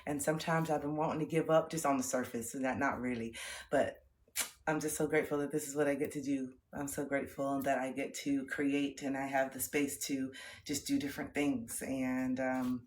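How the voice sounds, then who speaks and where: A woman's voice: very deep voice, normal speed, slight background noise. A woman in her thirties livestreaming, talking reflectively about healing and gratitude in a casual way. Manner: reflective, spiritual, breaks into laughter and excited chanting. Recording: roomy echo.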